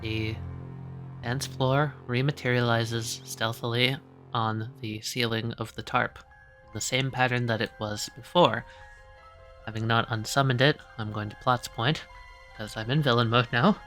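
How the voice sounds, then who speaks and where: A woman playing in a tabletop game, talking casually and quickly, laughing and swearing now and then. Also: extremely low pitch, fairly even intonation, a bit bright, faint music behind. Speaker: player.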